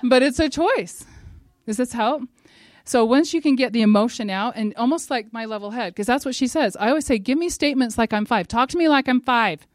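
A middle-aged woman giving a religious devotional talk, telling a personal story in a lively way and speaking straight to her listeners. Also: on the high side, brisk, dry recording, studio quality. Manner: animated storyteller who acts out quotes and speaks directly to her listeners.

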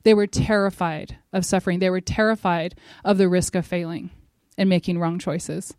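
A middle-aged woman giving a devotional talk at a church gathering, earnest and emphatic, building to forceful exhortation. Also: fairly low pitch, fairly even intonation, moderate pace, clean tone, no room sound.

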